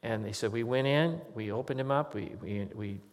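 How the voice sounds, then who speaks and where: A man preaching as a pastor, speaking at an ordinary middle pitch. He tells his story earnestly and conversationally, like a sermon testimony. A long reverb hangs on his voice, as in a large hall. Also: moderate pace.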